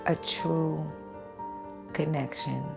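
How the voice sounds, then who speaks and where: A woman recounts her own story at a slow, unhurried pace, her voice low and full of gravelly fry. She speaks earnestly and from the heart. Faint music plays softly behind her. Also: steady tone. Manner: earnest, heartfelt storytelling, sing-song when quoting others. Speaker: documentary interviewee. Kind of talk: personal storytelling interview.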